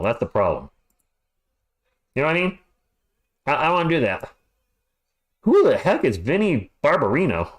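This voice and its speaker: Animated middle-aged man calling a game. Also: mid-range voice. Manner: animated, jokey, chatty. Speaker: play-by-play streamer host. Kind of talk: live play-by-play commentary and banter.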